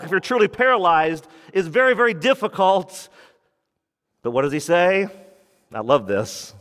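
Pastor, male, emphatic sermon delivery with a slightly high voice, recorded in a reverberant hall. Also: big pitch swings, unhurried, fairly bright tone. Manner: emphatic preaching, drops low for key points, rises when quoting.

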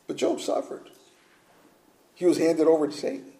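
A man's voice: a little high, sing-song, moderate pace, long pauses, dark tone, echoey room, poor audio. A man preaching a sermon as pastor, earnest and direct, asking his listeners rhetorical questions.

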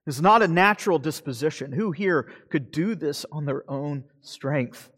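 A man preaching a sermon as pastor, earnest, slowing for emphasis and then speeding up. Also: fairly high pitch, a bit bright, breathy edge, big-room sound. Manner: earnest preaching, shifting between slow emphasis and quick asides.

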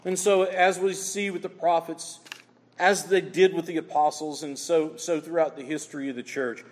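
A man's voice: a little high, steady tone, moderate pace, in a large hall. A man preaching a sermon as pastor, emphatic and quoting scripture dramatically.

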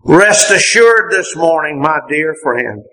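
An older male preacher delivers a sermon in a high, bright voice. He takes his time, lets phrases climb into fervent shouts, then falls back low. The delivery is impassioned throughout. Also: expressive, slow pace, poor audio.

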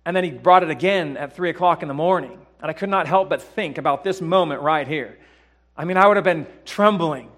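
Male pastor in the pulpit, slightly high voice, fiery sermon delivery that rises from hushed to booming, heavy on repetition and rhetorical questions. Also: a little fast. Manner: swings from hushed lows to loud emphatic peaks. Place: church.

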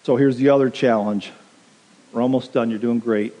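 A pastor preaches an earnest, direct sermon, plainly urging his listeners and dropping in quoted asides. His voice is medium-pitched, steady and mellow at normal speed, with the long reverb of a large hall.

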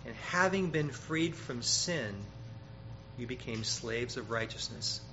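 A man preaching a sermon, emphatic, growing loud when he quotes scripture and often repeating words. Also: mid-range voice, expressive, slow. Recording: dull, slightly noisy sermon recording.

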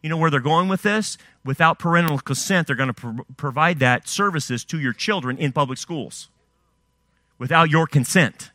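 A man's voice: a little high, moderate pace, bright, forceful tone, no echo, studio quality. A man preaching a sermon, firing off rhetorical questions and swinging his emphasis up and down. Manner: fiery rhetorical questions, rising and dropping emphasis.

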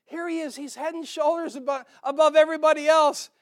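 Man preaching a lively sermon. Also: very high-pitched, brisk. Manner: animated preaching, acts out quoted voices, quiet asides. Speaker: pastor.

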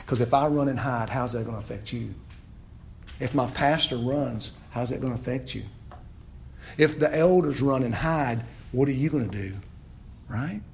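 Preaching an expository sermon, this male pastor asks his congregation questions and repeats phrases, climbing to loud, forceful high points. He speaks at a moderate pace in a mid-range voice with lively intonation.

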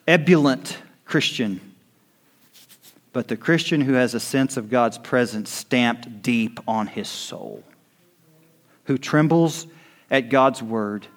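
A man preaching a sermon as pastor. He swings from quiet, hushed lines to loud, rising exhortation. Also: mid-range voice, expressive, measured pace, pauses often.

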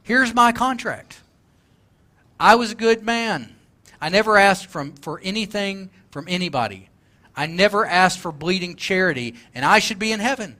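A man's voice: high-pitched, expressive, normal speed, bright, forceful tone. A man voicing a blustering, indignant poor man. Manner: indignant, blustering, rough-spoken. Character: resentful self-righteous poor man demanding his rights.

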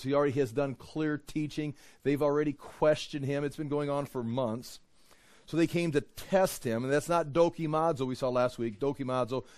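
A man's voice: medium pitch, darkish tone, dry recording. Conversational male Bible teacher, dry sound. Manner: conversational, repeats words and restarts, acts out quotes. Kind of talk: expository sermon.

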